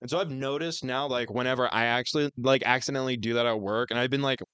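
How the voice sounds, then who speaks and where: A young man co-hosting a casual podcast, teasing, animated and swearing. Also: mid-range voice, fast, clean tone, no echo. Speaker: podcast co-host. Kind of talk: casual chat.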